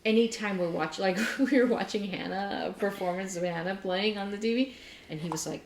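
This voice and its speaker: A woman co-hosting a casual chat, telling an animated story and laughing often. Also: medium pitch, fairly quick, noisy background. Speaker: podcast co-host. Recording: roomy echo.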